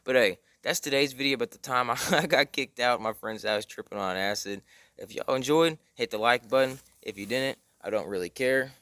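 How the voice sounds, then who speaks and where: A man's voice: mid-range voice, a little fast, sharp tone, dry recording. Rambling, cursing young man telling a story. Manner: rambling, slangy, heavy cursing, lots of fillers. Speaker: storytime vlogger. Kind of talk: casual storytelling.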